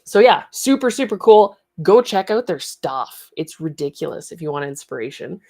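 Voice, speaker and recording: A woman's voice: lowish voice, big pitch swings, normal speed, mellow. A woman hosting a casual studio livestream, chatty and rambling, laughing easily.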